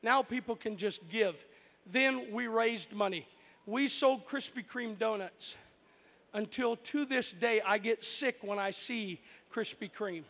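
A man from Florida preaches in a very high, bright voice, spinning stories and rising into shouts at the peaks. The sound rings out across a large, echoing hall. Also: slow. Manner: animated, breaks into shouts at story peaks. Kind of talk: storytelling sermon.

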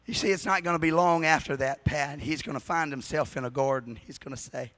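A man preaching a revival sermon to a congregation, shouting repeated refrains with passion and then dropping to a hushed, intense delivery. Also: on the high side, fairly quick, no room sound.

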